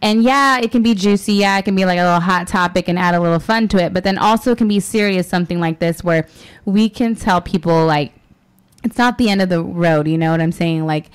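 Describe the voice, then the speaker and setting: A young woman hosting a radio talk show, chatting casually and fast with a lot of fillers and giggles. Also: on the low side, clean tone.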